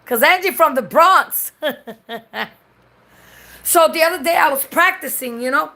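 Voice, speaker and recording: A woman's voice: high voice, measured pace, bright, forceful tone. A Puerto Rican woman chatting casually on a live stream. She swears freely and switches between English and Spanish mid-sentence. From Puerto Rico.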